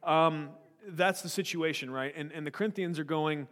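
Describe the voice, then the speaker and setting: A man preaches a sermon with a slightly high voice, blunt and confrontational, breaking in with jokes. His voice carries a long echo through a large church sanctuary. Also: normal speed, fairly bright tone. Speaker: pastor.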